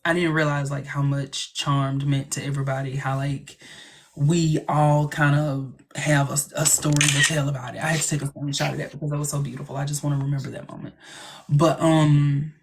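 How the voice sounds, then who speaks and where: A man's voice: on the high side, level tone, brisk, creaky. Chatty, sarcastic man hosting a live stream. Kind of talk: casual live-stream chat.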